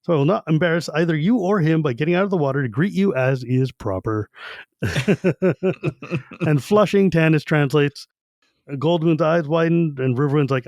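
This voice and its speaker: A man co-hosting a podcast, recapping a book in casual chat and acting out the characters in quick quoted bits. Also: fairly high pitch, darkish tone, dry recording. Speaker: podcast co-host.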